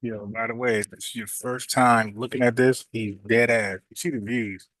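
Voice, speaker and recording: A man's voice: mid-range voice, fairly even intonation, moderate pace, a bit bright, no echo, poor audio. A man giving casual reaction commentary, incredulous and firing off rhetorical questions.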